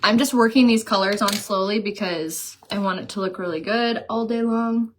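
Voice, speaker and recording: A woman's voice: mid-range voice, normal speed, slight background noise. A woman chatting casually during a live makeup stream, reading viewer comments aloud and telling stories. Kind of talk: casual live chat while doing makeup.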